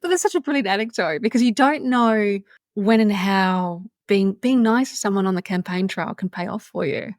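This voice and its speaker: A woman's voice: medium pitch, normal speed, dry recording, studio quality. A woman interviewing a former candidate in casual chat, laughing easily. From Australia.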